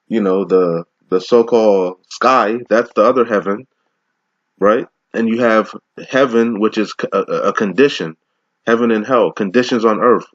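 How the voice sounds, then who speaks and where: A man giving an informal scripture lesson, mixing slow, deliberate verse readings with casual, profane slang asides and frequent laughs. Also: on the low side, dry recording, dull audio. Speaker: scripture teacher.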